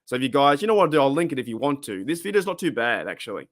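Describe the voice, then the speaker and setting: A man's voice: medium pitch, sing-song, rapid-fire, a bit bright. Man, live stream host, casual rambling chat, reads chat comments. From Australia. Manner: rambling, chatty, reacts to chat comments, laughs often.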